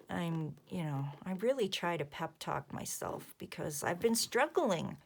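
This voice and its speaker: A woman in her fifties talks slowly in a lowish voice, chatting casually as she works on a craft. She rambles gently and keeps dropping into soft mutters to herself. Her tone is unhurried and personal. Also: animated, creaky. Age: 50s. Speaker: crafting vlogger. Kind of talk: casual chat while crafting.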